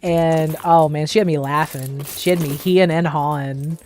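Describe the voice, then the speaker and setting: A woman's voice: sits low, fairly even intonation, a little slow, a little mellow, a little hiss or hum. A young woman hosting a livestream, telling casual stories in a rambling way, full of "like" fillers and laughing often. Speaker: livestream host. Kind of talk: casual storytelling.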